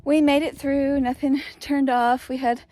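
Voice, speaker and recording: A woman's voice: high voice, level tone, measured pace, warm tone. A middle-aged woman, casually chatting in a homestead vlog while walking outdoors. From East Tennessee. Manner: chatty, rambling, upbeat. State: out of breath. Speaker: homestead vlogger.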